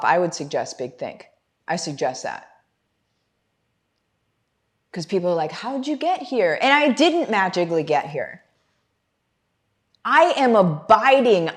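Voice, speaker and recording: Middle-aged female coach hosting a live stream, fervent and preachy, speaking straight to her audience. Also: mid-range voice. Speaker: business coach and livestream host. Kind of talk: motivational livestream talk.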